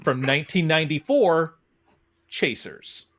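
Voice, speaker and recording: A man hosts a podcast in a chatty, casual way and walks the guests through the rules of a game. His pitch rises and falls a lot as he talks. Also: animated, measured pace, a bit bright. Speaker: podcast host. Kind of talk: casual chat, hosting a game.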